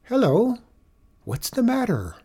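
A man's voice: extremely high pitch, wildly swooping pitch, takes it slowly, slightly rough, voice pushed up, exaggerated voice. A man reading a storybook aloud and voicing a friendly, helpful little boy. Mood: cheerful. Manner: bright, chirpy.

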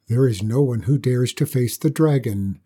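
A man voicing a wise old court official, grave and measured, in a storybook reading. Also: medium pitch, dark tone, slightly rough, natural voice.

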